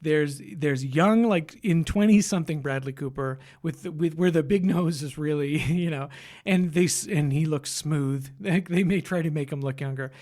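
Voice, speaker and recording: Brief: male podcast host, casual, rambling and chuckly, slightly high voice. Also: normal speed, a little mellow. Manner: rambling, restarts and laughs a lot. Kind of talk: casual chat.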